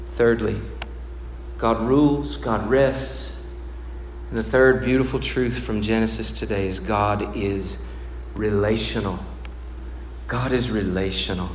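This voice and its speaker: A man preaching a sermon, swinging between loud emphasis and hushed, low passages. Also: steady tone, slow pace, pauses often, reverberant, long reverb tail, a little hiss or hum. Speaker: pastor.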